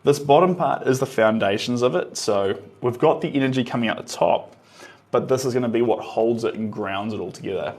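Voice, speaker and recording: An easygoing man talks his way through a live painting stream. He murmurs quietly to himself as he works the brush and turns to answer chat in a relaxed, musing voice of middling pitch. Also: fairly quick.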